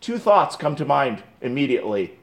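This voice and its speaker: A man delivering an expository sermon as pastor, preaching emphatically with dramatic pauses and restarts. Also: medium pitch, sing-song, gravelly.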